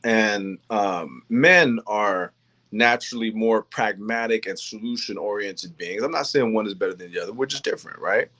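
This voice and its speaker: This host of a faith-based talk show has a fairly low, bright, forceful voice at a moderate pace. He speaks earnestly in a monologue on faith and manhood, with frequent ums and restarts.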